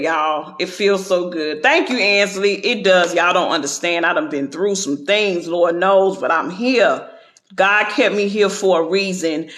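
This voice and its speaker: Chatty, high-voiced man going live. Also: a bit bright, reverberant. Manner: chatty and encouraging, addresses viewers as y'all; sprinkles talk with faith and praise. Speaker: livestream host. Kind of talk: casual livestream talk to viewers. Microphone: phone, going live.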